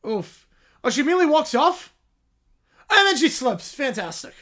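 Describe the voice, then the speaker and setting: A man's voice: very high-pitched, very animated, moderate pace, pauses often, pushed and bright. A man hosting a livestream, reacting aloud in casual chat and thanking viewers. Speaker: livestream host.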